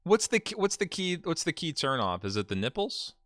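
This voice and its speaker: A man's voice: on the high side, sing-song, a little fast, a bit bright, no echo. A man co-hosting a casual chat show, joking and reading dating profiles aloud with mock drama. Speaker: podcast co-host.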